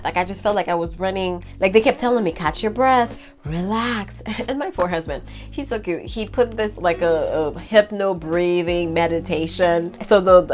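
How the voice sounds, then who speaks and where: A woman in her thirties chatting casually to her viewers, telling a personal story in an animated, talkative way. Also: lowish voice. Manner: chatty, animated, addresses viewers as girl and y'all.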